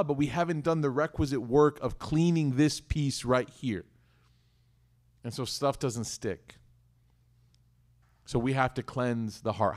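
A man giving an animated, conversational sermon, often putting questions to his audience. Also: medium pitch. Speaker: Islamic teacher.

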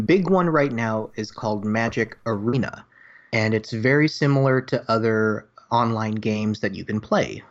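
Lively man on a dull recording. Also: mid-range voice. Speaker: guest, card game player. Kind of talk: casual podcast chat.

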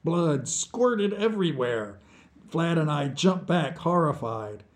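A man reading his own short story aloud as scripted narration, with slow, deliberate storytelling. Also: fairly high pitch, very animated.

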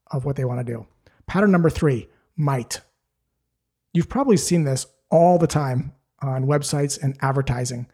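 Mellow-voiced man coaching sales. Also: mid-range voice. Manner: direct, explanatory, steady. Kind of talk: scripted instructional talk.

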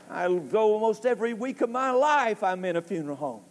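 Pastor preaching hard, really high voice, gets shouty, church echo all around. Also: male voice, animated, fairly quick. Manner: impassioned, rising to shouts at climaxes. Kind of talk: sermon. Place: church sanctuary. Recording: church hall reverb.

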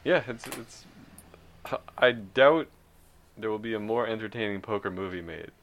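A man's voice: lowish voice, normal speed, a bit bright, slight background noise. A man in casual movie chat, laid-back and dropping wry one-liners. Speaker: podcast co-host.

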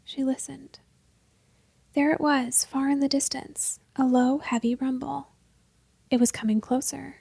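High, gravelly woman narrating a story. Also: flat delivery, a little slow, long pauses, warm tone, no room sound. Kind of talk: scripted narration.

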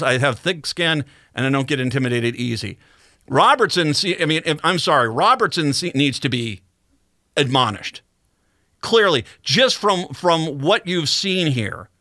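A man's voice: sits high, pushed and bright, dry recording. A man hosting a talk radio show, delivering an indignant, ranting monologue full of restarts from a studio microphone.

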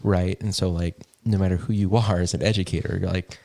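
A man's voice: low voice, steady tone, brisk, creaky, mellow. A man co-hosting a casual movie podcast, an educator talking things through in a thoughtful, reflective way. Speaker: podcast co-host.

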